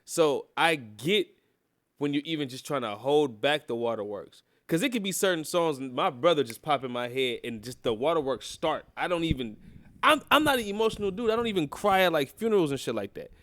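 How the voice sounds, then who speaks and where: A man's voice: on the high side, animated, fairly quick, a bit bright. A man co-hosting a casual podcast, talking in a laid-back, conversational way with plenty of swearing. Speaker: co-host.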